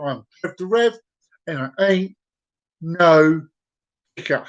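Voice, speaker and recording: A man's voice: a little high, lively intonation. Playful sing-song man host. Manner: playful, sing-song, drawn-out joke telling. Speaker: show host. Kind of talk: comedic live show monologue.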